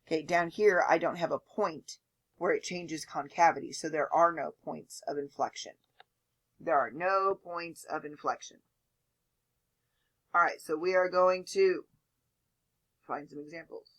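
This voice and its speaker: A woman's voice: sits low, unhurried, pauses often, fairly bright tone. Woman teaching math step by step. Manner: explains step by step, checks in with "okay?". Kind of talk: lecture with board work.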